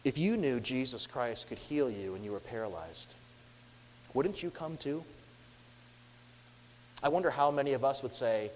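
A man preaching a sermon as a pastor, earnest and questioning, who drops his voice softly when quoting. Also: medium pitch, animated, moderate pace, pauses often, a little hiss or hum. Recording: long hall reverb.

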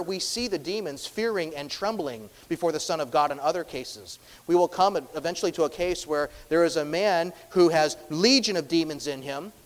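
A man's voice: on the high side, in a large hall, rough recording. A man preaching a sermon as pastor, acting out the quoted lines of demons with dramatic rises in his voice.

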